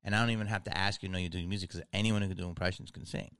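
A man hosting a casual chat, telling stories in an animated way and swearing freely. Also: low voice, racing, clean tone, no room sound, studio quality.

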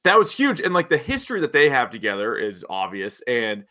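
An animated young man talking through a show recap in easy, casual conversation. His voice is bright and forward, and he slips into quick voices for the characters' lines. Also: mid-range voice. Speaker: podcast co-host. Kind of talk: casual chat.

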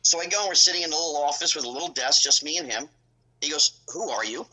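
Middle-aged guy spinning old stories on a podcast, punchy and kinda raspy, does everyone's lines. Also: a little high, fast, rough recording. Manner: animated, acts out other people's lines. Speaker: podcast guest. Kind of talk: casual storytelling.

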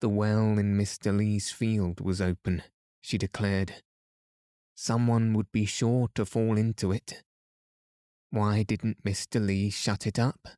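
A man calmly reading a classic novel aloud as a bedtime story for a sleep podcast, soothing and unhurried. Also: on the low side, no room sound, studio quality. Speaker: podcast narrator.

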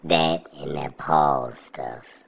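A man's voice: very deep voice, extremely slow, creaky, lo-fi sound, slight background noise. A man in casual chat, ranting bluntly about things that annoy him.

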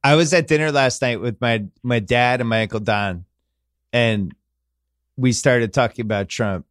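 A man's voice: mid-range voice, normal speed, fairly bright tone, dry recording, clean studio sound. A man hosting a podcast in casual chat, telling loose, rambling, joking stories. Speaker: podcast host.

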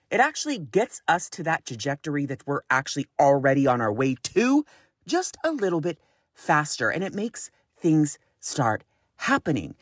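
A man in his thirties hosting a solo podcast, talking in an animated, exasperated way, swearing freely and laughing often. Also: on the high side, dry recording, clean studio sound. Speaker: podcast host.

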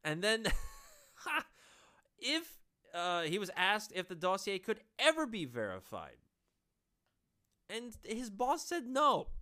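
A woman's voice: mid-range voice, big pitch swings, takes it slowly, pauses often, pushed and bright. A woman giving opinionated solo political commentary, sarcastic and exasperated, laughing at her own jokes.

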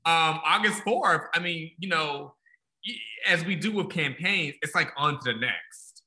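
A man's voice: fairly high pitch, lively intonation, unhurried, sharp tone. A man co-hosting a podcast, talking in a reflective, casual way with restarts. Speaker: podcast co-host. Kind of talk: casual chat.

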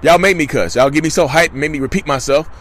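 A man's voice: fairly high pitch, fast talker, a bit bright. Emphatic man talking to camera outdoors. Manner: emphatic and repetitive, addresses viewers as y'all. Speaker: vlogger. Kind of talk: casual commentary to camera.

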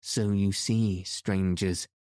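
A man reading a storybook, voicing a squeaky, indignant little royal gardener who insists on the rules. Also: little pitch movement, slow, a little mellow, dry recording, studio quality. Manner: indignant, self-righteous. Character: fussy little royal gardener, rule-bound and spiteful.

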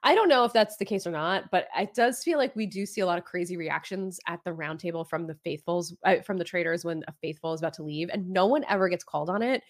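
A woman with a slightly low voice hosts a casual recap podcast. She rattles through events in a loose, chatty way, often slipping into quick impressions of what people said. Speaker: podcast co-host.

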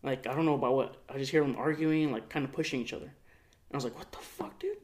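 A man's voice: medium pitch, fast. A young man casually telling a story on a podcast, slangy and profane, acting out the people in it. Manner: slangy, profane, animated retelling with voiced quotes. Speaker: podcast co-host.

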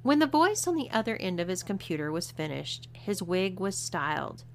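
A woman's voice: medium pitch, very animated, moderate pace, a little hiss or hum. A woman reading an adult story aloud as narrator. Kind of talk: audiobook reading.

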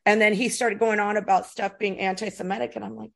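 Speaking quickly at medium pitch with some vocal fry, a middle-aged US woman tells stories on a relaxed podcast. Expect lively, swear-heavy storytelling thick with fillers.

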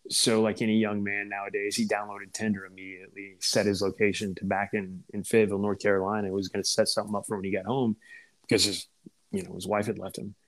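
Man, low voice, veteran storyteller, laid-back, swears, acts out quotes. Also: level tone, fast talker, rough recording. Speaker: veteran first sergeant. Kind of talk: casual podcast storytelling.

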